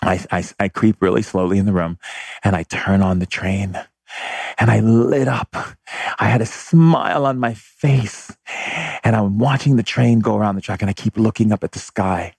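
A man telling a personal childhood story as a monologue, animated and laughing as he recalls it. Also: lowish voice, normal speed, creaky, husky, no echo.

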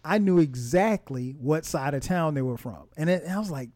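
A man's voice: on the high side, lively intonation, normal speed, few pauses, darkish tone, no echo. A man hosting a casual music podcast, rambling with lots of fillers and restarts. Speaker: podcast host. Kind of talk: casual music review chat. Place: home in Atlanta.

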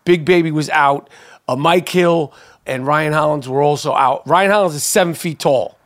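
Telling a story on his podcast at a moderate pace, a high-voiced host stays loose and animated. Cursing freely, he trips over fillers and restarts along the way.

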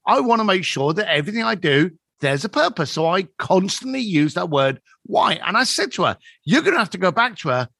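A man's voice: sits high, a little fast, gravelly, hardly any pauses, dry recording, clean studio sound. A man in his fifties, a podcast guest telling business stories and acting out the dialogue. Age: 50s. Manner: animated storyteller acting out quoted dialogue. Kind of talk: storytelling in a podcast conversation.

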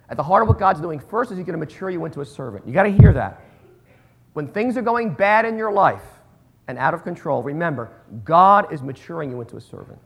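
A male pastor preaching a sermon, animated, moving between hushed asides and loud emphatic bursts. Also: fairly high pitch, gravelly.

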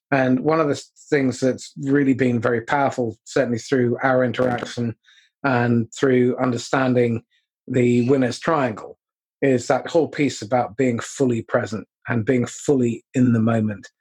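A man interviewing a guest, speaking in a measured, thoughtful way as he reflects and builds toward a question. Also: mid-range voice, a little mellow, breathy edge. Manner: measured, thoughtful, slow and deliberate.

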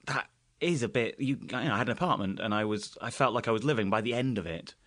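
English comedian, low-pitched, dry close sound; rambling anecdotal storyteller. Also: male voice, animated, fast, a bit bright, no echo. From England. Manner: chatty anecdotal storyteller, laughs often. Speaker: guest comedian. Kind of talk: casual chat.

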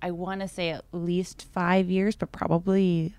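A woman's voice: fairly low pitch, level tone, unhurried, a little mellow, clear, resonant tone, no room sound. A woman co-hosting a podcast, talking in a chatty, rambling way with plenty of fillers. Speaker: podcast co-host. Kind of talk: casual chat.

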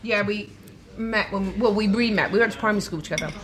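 Woman, mid-pitched, open and chatty guest over a meal. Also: fast, crowd noise. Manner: bubbly, frank, laughs easily. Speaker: musician guest. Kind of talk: casual chat over a meal. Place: dinner table. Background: clinking cutlery and dishes.

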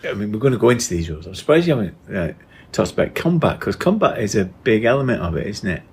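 A man's voice: fairly low pitch, big pitch swings, fast, husky. A middle-aged man with a northern English accent, co-hosting a casual podcast chat and steering it with questions. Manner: steering the talk with questions and tag questions. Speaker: podcast co-host.

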